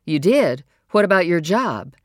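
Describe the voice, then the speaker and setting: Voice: medium pitch, very animated, a little slow, no room sound, clean studio sound, pitched above the performer's own voice. A narrator voicing a tired, worried mother who speaks sharply and with strained patience in an audiobook. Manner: sharp and exasperated. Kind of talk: audiobook character voice.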